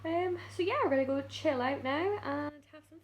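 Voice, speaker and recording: A woman's voice: high voice, normal speed, slight background noise. A woman talking casually to camera in a vlog, chatty and laughing often, cooing at her dog. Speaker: vlogger.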